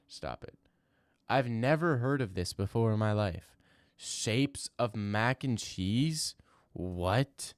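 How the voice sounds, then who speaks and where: Loud ranting young male streamer. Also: fairly low pitch, animated, takes it slowly, clean tone, no echo, clean studio sound. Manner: loud, mock-outraged ranting. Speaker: streamer reading chat. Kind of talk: casual live stream chat reactions.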